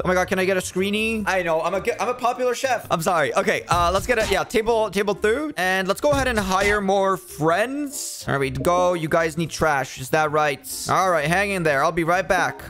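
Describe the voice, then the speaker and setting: A man giving casual, excitable game commentary as he plays, joking and talking to the characters on screen. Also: on the high side. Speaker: gaming YouTuber.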